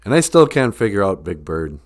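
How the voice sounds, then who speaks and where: He's a joking live stream host whose talk wanders from one thought to another at a brisk clip, his pitch lively as it rises and falls. He chats casually with viewers and reads their comments out loud.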